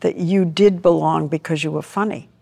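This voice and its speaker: A woman's voice: low-pitched, steady tone, moderate pace, creaky, a little mellow. A woman conducting a news interview, asking probing, conversational questions.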